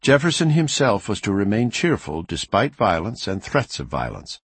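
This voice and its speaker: Male audiobook narrator, low husky voice, lively intonation, measured scripted delivery. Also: dry recording. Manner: measured, expressive reading with varied emphasis.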